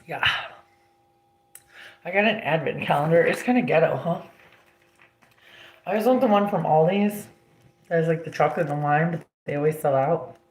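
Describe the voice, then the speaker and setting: A woman's voice: low-pitched, moderate pace, pauses often, a little mellow. Blunt, foul-mouthed woman in an echoey room. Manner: profane, blunt storytelling with many "like" fillers. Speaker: livestream host. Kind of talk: casual livestream chat.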